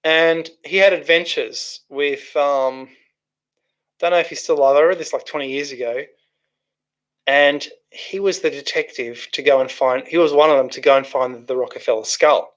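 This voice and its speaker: A man's voice: a little high, normal speed, fairly bright tone. A man hosting a casual livestream, reading out chat comments and rambling with many restarts and fillers.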